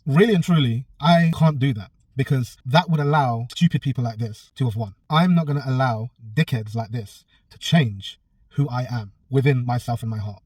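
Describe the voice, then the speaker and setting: A man's voice: mid-range voice, moderate pace, darkish tone, breathy edge, dry recording, recorded from a distance. A man, a personal trainer telling a story in a casual vlog, blunt and swearing freely. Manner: blunt, swears a lot, acts out both sides of a quarrel.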